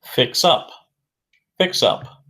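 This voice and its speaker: A man's voice: very slow, a bit bright. A man teaching an English vocabulary lesson who repeats key words and asks questions before answering them himself.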